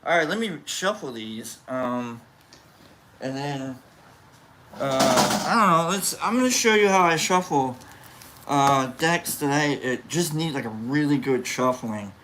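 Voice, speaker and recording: A man casually chatting on a livestream as its host, rambling and playful, quick to get excited. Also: medium pitch, background noise.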